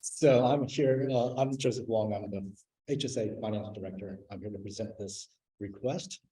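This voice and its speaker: Male agency official presenting a request, explanatory and plain, warm mid-range voice. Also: lowish voice, steady tone, moderate pace, rough recording. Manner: slightly nervous at first, then explanatory. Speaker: finance director. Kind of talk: staff presentation at a meeting. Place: government meeting room.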